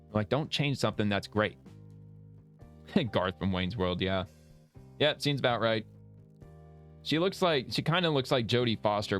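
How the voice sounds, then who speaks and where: A man's voice: mid-range voice, a bit bright. A man hosting casual political reaction commentary, blunt and profane, rambling and laughing as he talks. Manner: rambling with many restarts.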